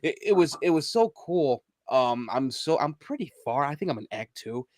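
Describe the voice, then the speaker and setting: A man's voice: medium pitch, big pitch swings, moderate pace, darkish tone, no echo, clean studio sound. A man co-hosting a casual podcast, often laughing, restarting sentences and trailing off as he talks. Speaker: podcast co-host. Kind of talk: casual chat about video games.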